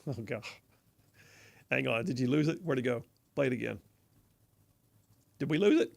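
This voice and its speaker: A man hosting a conservative talk radio show in a studio, mocking and animated, stretching words for emphasis. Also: mid-range voice, normal speed, vocal fry. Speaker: radio host. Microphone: studio mic.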